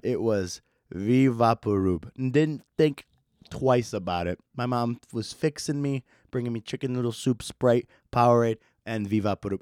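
A man's voice: mid-range voice, a little mellow, no echo, clean studio sound. A man in his twenties hosting a casual solo podcast, laid-back, swearing freely and laughing at his own stories. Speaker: podcast host.

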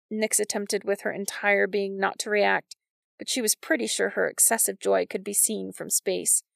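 Gravelly woman narrating a novel. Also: medium pitch, moderate pace, dry recording, clean studio sound. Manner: wry, even storytelling. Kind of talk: scripted audiobook narration.

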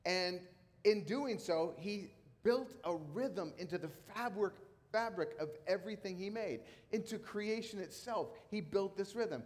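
High-voiced man preaching in a reverberant hall. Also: moderate pace. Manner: conversational, emphatic repetition. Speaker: pastor. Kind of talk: sermon.

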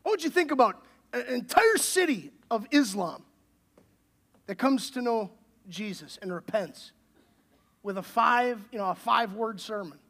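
A man's voice: very high-pitched, lively intonation, measured pace, pauses often, a bit bright. A man, the pastor, preaching a sermon in a conversational way and building to emphatic questions.

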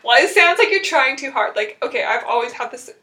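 Chatty young woman with a bright voice. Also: high voice, fairly quick. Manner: chatty, animated, acts out quotes with sarcasm. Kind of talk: casual podcast chat recapping a TV episode.

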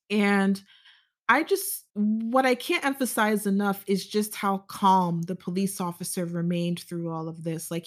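A woman talks straight to her viewers in an easygoing storytelling monologue. Her pitch sits in an ordinary middle range for a woman. She speaks in a measured way, often pausing on fillers and restarting her sentences as she goes. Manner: conversational, measured, frequent fillers and self-corrections. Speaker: vlogger. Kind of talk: casual storytelling monologue to camera.

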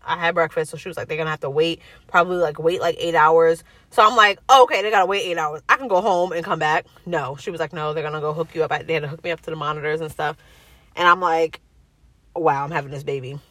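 Her voice is deep and her pace quick, with no echo in the recording. A young woman, she chats casually through a personal story, animatedly acting out the voices of people she quotes.

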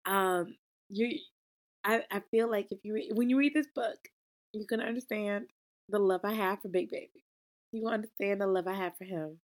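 A young woman talks casually through a book review. She is expressive and animated, and her pitch sits in a middle range for a woman. She jumps in to talk back to the story as if arguing with it. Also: brisk.

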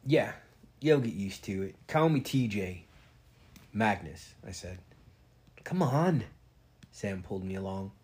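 A man's voice: on the low side, expressive, unhurried, pauses often, darkish tone, husky. A man reading a novel aloud in a casual way, giving the characters light voices. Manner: reads with light character voices and stops to chat. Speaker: reader.

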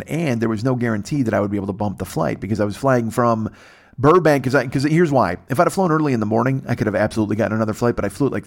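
A podcast host with a lowish, creaky voice tells a rambling, profane comic story that keeps wandering off track. He's recording from a temporary setup away from home.

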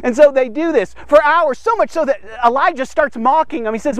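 A man preaching a Bible story on a devotional podcast, excitable and animated, constantly checking in with "okay?". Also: very high-pitched, moderate pace, few pauses, no room sound.

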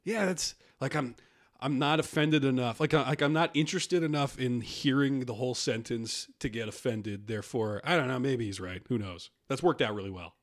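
Co-hosting a comedy podcast, a man chats in a rambling, easygoing way, laughing a lot and putting on voices when he quotes people. He has a mid-range voice at a moderate pace.

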